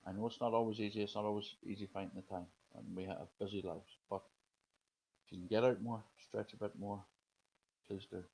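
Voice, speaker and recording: A man reading oracle cards for viewers in a chatty, gently coaxing way, then leading a slow breathing exercise. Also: lowish voice, steady tone, husky, low-quality recording. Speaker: spiritual card reader. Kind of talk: live oracle card guidance, casual talk.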